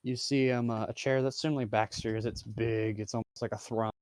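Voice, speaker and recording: A man acts as game master for a tabletop game, narrating haltingly with lots of fillers. His mid-range voice stays steady, and there's no room sound.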